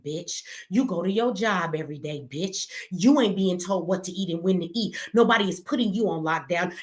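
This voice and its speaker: A middle-aged woman giving blunt, profane, impassioned commentary on a livestream, preaching at her audience. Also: medium pitch. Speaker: streamer and commentator.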